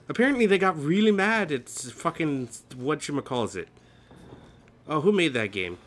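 A man's voice: fairly high pitch, very animated, normal speed, a bit bright. Jumpy, swearing young-sounding man gaming. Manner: jumpy, swears often, nervous self-mocking jokes. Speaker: let's play host. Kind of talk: horror game let's play commentary.

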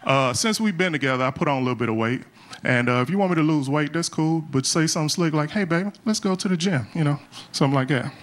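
On a club stage, a middle-aged stand-up comedian performs live with a slightly high, fairly bright voice. His delivery is loose and conversational; he acts out quotes and keeps tagging lines with a drawn-out "man." The live club recording carries crowd noise and audience laughter.

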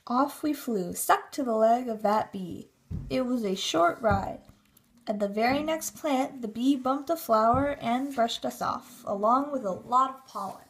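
A woman narrating a children's storybook in a steady, expressive reading. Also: on the high side, a little slow.

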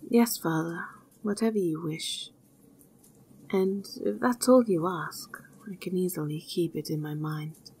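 Fearless young lad, earnest and matter-of-fact, breathy slow delivery, woman reading. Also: on the low side, a little mellow, heavily acted. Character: fearless naive young man, eager and plain-spoken.

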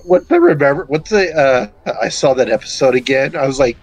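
A man chatting on a casual gameplay live stream as a co-player, jokey and quick to laugh at himself, over dull lo-fi voice chat audio. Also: mid-range voice, expressive, dry recording. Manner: jokey, laughs at his own jokes.

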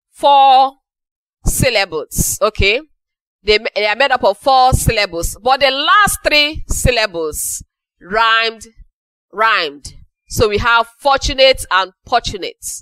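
A woman teaching an English lesson, repeating key phrases slowly for emphasis. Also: a little high, pushed and bright, smooth, dry recording, low-quality recording. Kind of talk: classroom lecture.

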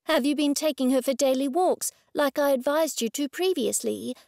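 A woman voicing a calm, patient female veterinarian in an audiobook. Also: high voice, normal speed, vocal fry, dry recording, studio quality, voice pushed up.

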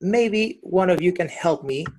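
A man's voice: high-pitched, animated, unhurried. A male English teacher running an online class over a video call, patiently explaining and repeating examples.

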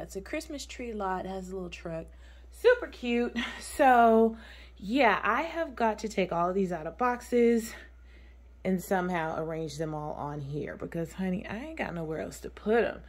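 Chatty lively woman vlogger. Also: on the low side. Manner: chatty, lively, colloquial, laughs easily. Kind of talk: casual home vlog.

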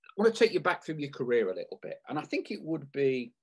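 Man, podcast host, husky, breathy tone, chatty, meandering. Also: fairly high pitch, very animated, quick pace, darkish tone. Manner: chatty, meandering questions with fillers. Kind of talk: casual interview.

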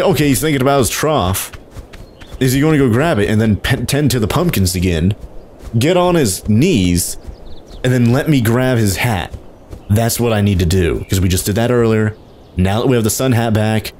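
A young man giving excitable, casual commentary while playing a video game, often exclaiming and laughing. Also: on the low side, a little hiss or hum. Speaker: let's play host.

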